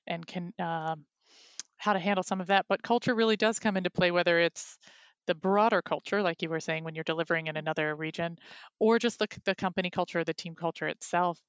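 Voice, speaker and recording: Low-pitched, smooth-voiced woman host. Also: no echo. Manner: affirming, gentle back-channeling. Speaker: interview host. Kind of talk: conversational interview.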